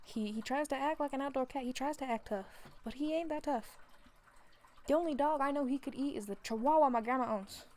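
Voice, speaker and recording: A fanfiction reader with a high-pitched, darkish voice speaks a little fast, chatting in a rambling way and laughing often while sounding out of breath. After the casual chat, she reads a fan story aloud.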